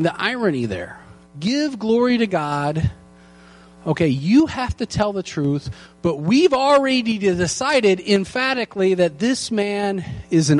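A man teaching a Bible passage in an earnest sermon, slowing down to stress the key lines. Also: high-pitched. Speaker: pastor teaching a Bible study.

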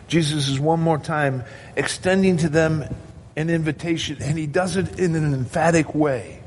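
Slow, earnest male pastor preaching. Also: on the high side, a little hiss or hum. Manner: earnest, asks the congregation rhetorical questions. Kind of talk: sermon.

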